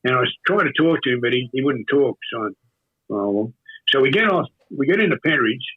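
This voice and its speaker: An older Australian man with a husky voice tells a long story in a rambling, halting way, circling back with fillers and false starts. His pitch sits in an ordinary middle range. The recording is tinny and narrow, like a phone line. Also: expressive. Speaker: interview guest. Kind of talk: casual storytelling.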